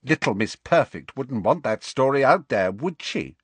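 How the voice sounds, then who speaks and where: A man's voice: medium pitch, expressive, moderate pace, husky, dry recording, voice pushed up. A man voicing a sneering middle-aged gossip reporter woman. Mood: scornful. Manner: sneering, cold, witheringly sarcastic.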